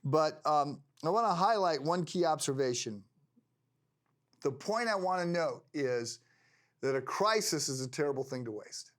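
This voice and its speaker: An older man teaching a Bible lesson in a conversational, halting way, with frequent restarts. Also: on the high side, animated, fairly bright tone. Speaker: pastor.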